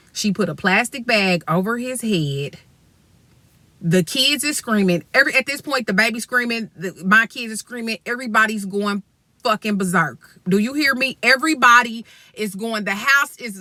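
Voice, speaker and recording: A woman's voice: mid-range voice, bright, forceful tone, no room sound. A woman vlogger telling a story bluntly and emphatically, with heavy swearing and direct asides to viewers. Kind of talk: storytime vlog.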